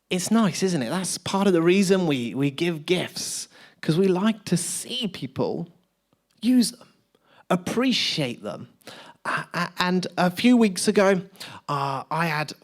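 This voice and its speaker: A man preaching a sermon in a church. He talks in a loose, chatty way, pokes fun at himself and spins everyday stories for his congregation. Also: high voice. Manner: chatty, self-deprecating storytelling. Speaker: pastor. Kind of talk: sermon with humorous anecdotes. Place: church service with live audience.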